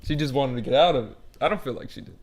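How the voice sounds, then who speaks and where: A man's voice: medium pitch, very fast. A young man hosting a casual podcast, prodding his guest with teasing questions. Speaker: podcast host. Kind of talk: casual chat.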